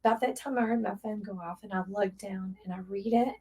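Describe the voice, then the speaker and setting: A woman's voice: medium pitch, a little fast, a little mellow. Earnest East Tennessee woman telling a story. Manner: earnest, tearful recollection with Southern phrasing. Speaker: relief shelter organizer. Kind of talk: emotional storytelling in conversation.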